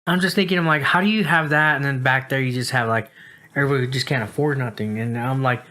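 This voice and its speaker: A man's voice: medium pitch, fast talker, sharp tone. A tired man from the United States, a podcast co-host chatting casually, rambling with lots of fillers. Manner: rambling, filler-heavy, says "like" and "dude" a lot. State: tired, yawning. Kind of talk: casual chat.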